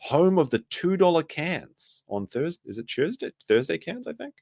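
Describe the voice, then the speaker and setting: A man's voice: a little high, big pitch swings, normal speed, gravelly, darkish tone, dry recording, clean studio sound. A man hosting a casual commentary stream, reading chat messages aloud and joking about clips.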